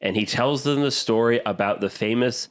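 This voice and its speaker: A man hosting a podcast in casual chat, telling a film's plot in a lively, animated way with quick asides. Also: mid-range voice. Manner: animated storytelling, quick asides, acts out quotes. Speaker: podcast host.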